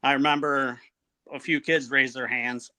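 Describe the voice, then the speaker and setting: A man in his forties from upstate New York, a Marine veteran recalling his service in a halting, plainspoken way, full of fillers and restarts. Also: mid-range voice, fairly even intonation, bright, forceful tone. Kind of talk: casual interview storytelling.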